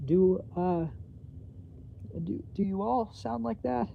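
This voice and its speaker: A man's voice: high-pitched, slow pace, gravelly, slight background noise, pitched above the performer's own voice, full character voice. A man reading aloud, voicing a nervous, flustered young woman on a phone call, in a dull home recording. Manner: embarrassed, flustered deflecting.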